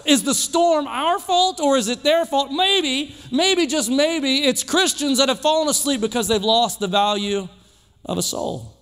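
A man preaching a sermon in a church, emphatic and repetitive, building phrases up toward shouts. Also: very high voice, a little slow, long reverb tail. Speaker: pastor. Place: church sanctuary.

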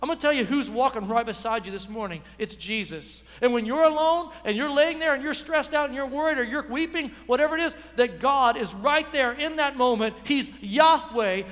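A man pastor preaching a lively sermon in church, acting out dialogue and building to shouts. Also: extremely high pitch, moderate pace, few pauses, in a large hall. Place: church sanctuary.

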